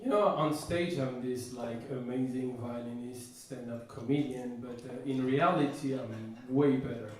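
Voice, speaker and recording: A man doing a stand-up comedy set, boasting in a deadpan way and often restarting his sentences. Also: medium pitch, unhurried, hardly any pauses. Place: comedy stage before a laughing audience. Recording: echoey, distant live room mic with noise.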